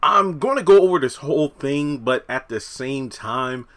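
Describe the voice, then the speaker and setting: A man at a mid-range pitch, neither deep nor high, talks through a TV trailer in loose, conversational commentary full of asides and fillers. He sounds slightly out of breath, recording in a hot room at home. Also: expressive, a little slow, fairly bright tone. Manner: rambling, conversational, many fillers. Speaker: TV review YouTuber. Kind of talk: casual commentary.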